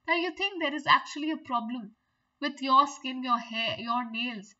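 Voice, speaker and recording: A woman's voice: high-pitched, expressive, normal speed, bright, forceful tone, highs cut off. A woman teaching a poem, explaining lines and reading the verses aloud with expression. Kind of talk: poetry lesson with read-aloud.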